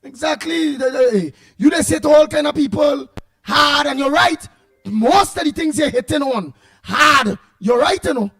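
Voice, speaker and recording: A Trinidadian man hosts a call-in radio show in a strikingly high voice. He talks with emphatic force, often near a shout, as he fields callers. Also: moderate pace. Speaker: radio talk show host.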